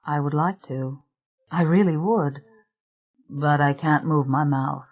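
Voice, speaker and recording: A dazed young woman pleads in a faltering voice, as an audiobook narrator plays her. Her pitch sits mid-range. The sound is narrow and tinny, like a phone call. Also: slow pace.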